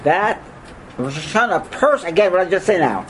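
Animated older man, Torah class lecture, somewhat high for a man, swooping pitch, rhetorical questions, sudden loud outbursts. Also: normal speed, slight background noise, low-quality recording. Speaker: rabbi teaching a class.

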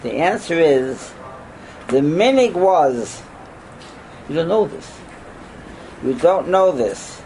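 An older man teaching a Torah class as a rabbi, animated, firing off rhetorical questions and breaking into sudden loud outbursts. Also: on the high side, takes it slowly, pauses often, a little hiss or hum, low-quality recording.

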